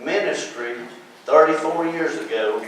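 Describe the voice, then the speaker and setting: Older man preaching his campaign pitch. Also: measured pace, a little hiss or hum. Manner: preacherly, emotional, repeats himself. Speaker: candidate at a political forum; choir leader and ordained deacon. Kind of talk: heartfelt campaign speech. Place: large echoey hall. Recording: echoey hall from far off.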